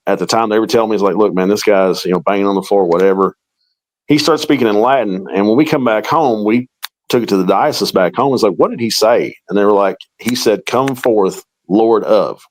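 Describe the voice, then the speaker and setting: A man's voice: fairly low pitch, rough recording. A middle-aged man, a paranormal investigator, telling a long story in an interview and acting out the quoted dialogue.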